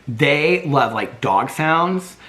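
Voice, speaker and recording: A man chats casually at home in a daily vlog, rambling from one thought to the next. His voice is bright and forward, and his pitch swings a lot. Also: expressive, extremely slow, a little hiss or hum. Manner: chatty, rambling, baby-talks to his dogs. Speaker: vlogger. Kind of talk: casual chat.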